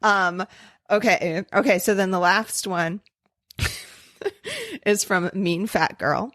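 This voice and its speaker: Woman, young adult, podcast co-host; middle pitch, dry close mic, rambling casual delivery. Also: slow, dry recording. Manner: rambling, swearing, animated asides. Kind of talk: casual chat, reading listener stories.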